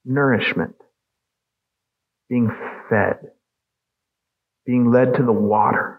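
A man's voice: mid-range voice, steady tone, slow, phone-quality sound. A man preaching a sermon as pastor, emphatic and asking the congregation questions.

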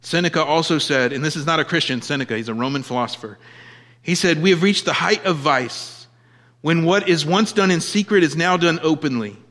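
A man preaching a sermon, emphatic, swinging from loud declarations to quiet asides. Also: a little high, fairly quick. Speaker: pastor. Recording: long hall reverb.

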